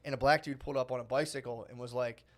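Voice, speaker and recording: A man's voice: medium pitch, fairly even intonation, fast talker. Rambling storytelling man on a podcast. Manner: rambling storytelling, acts out quotes, laughs often. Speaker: podcast co-host. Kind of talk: casual comedy podcast chat.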